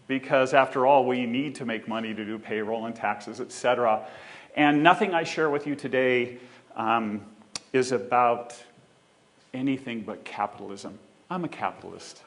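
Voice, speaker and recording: A man's voice: mid-range voice, measured pace. A man giving a conference talk on a theater stage, joking with the audience and walking as he speaks. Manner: joking, animated, walks while speaking.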